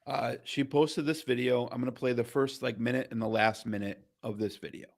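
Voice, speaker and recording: A man's voice: mid-range voice, steady tone, brisk, gravelly. A man hosts a live political chat stream. His talk is loose and casual, full of ums, restarts and asides as he sets up clips. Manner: casual, filler-heavy, loose. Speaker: host.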